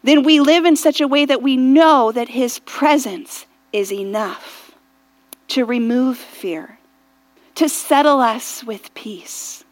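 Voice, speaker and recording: A woman with a high voice delivers a sermon at an unhurried pace. She tells her story gently, asks her listeners reflective questions, and lets her voice fall soft on the tender phrases. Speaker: church speaker.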